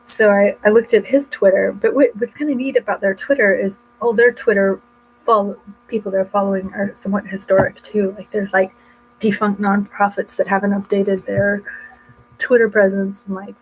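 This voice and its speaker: Woman rambling about her books at home, mid-pitch, chatty, faint hum behind. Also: vocal fry, rough recording. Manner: rambling, chatty, self-interrupting. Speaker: vlogger. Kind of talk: casual chat showing books.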